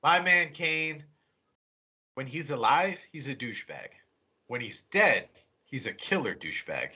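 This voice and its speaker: A man co-hosting a podcast, recapping a horror movie scene by scene in a casual, profane, animated way. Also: medium pitch, measured pace, husky. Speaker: podcast co-host. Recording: muffled lo-fi audio.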